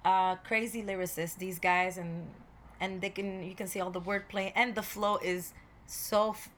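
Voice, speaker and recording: A woman's voice: medium pitch, steady tone, moderate pace, fairly bright tone, a little hiss or hum. Laid-back Montreal woman, slangy. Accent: Quebec French-English mix. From Montreal, Quebec. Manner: slangy, laughing, bilingual code-switching. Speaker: guest musician. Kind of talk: casual podcast interview.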